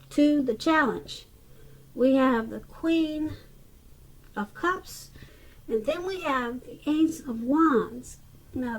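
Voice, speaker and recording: A woman's voice: sits high, poor audio. A woman giving a casual tarot reading, chatty and loose, often restarting sentences and saying "okay". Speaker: tarot reader.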